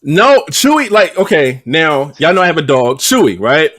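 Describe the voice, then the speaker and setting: A man's voice: fairly high pitch, very animated, moderate pace, a bit bright. A man co-hosting a podcast, telling a story in casual, profane slang with lots of energy. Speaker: podcast co-host. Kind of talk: casual chat.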